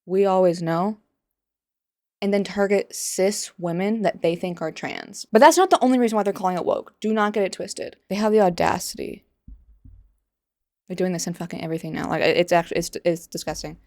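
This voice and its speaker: Sarcastic woman with a low voice. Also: brisk, darkish tone, no room sound, clean studio sound. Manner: sarcastic, incredulous. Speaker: commentary vlogger. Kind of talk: opinionated commentary.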